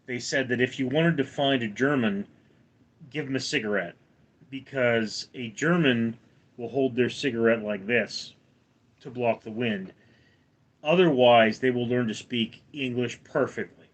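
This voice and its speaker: A middle-aged man with a General American accent hosting a casual livestream, reading out chat comments and answering them at a measured pace. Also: mid-range voice. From United States. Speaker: livestream host.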